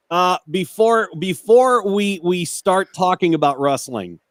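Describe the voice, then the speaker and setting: A man hosts a wrestling talk show in a loose, joking way, tripping over restarts and laughing as he goes. His voice sits a bit high, and the sound is dry and close. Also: animated, takes it slowly, no room sound. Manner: laughs often, stammers on restarts. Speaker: podcast host. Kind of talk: casual chat and news reading.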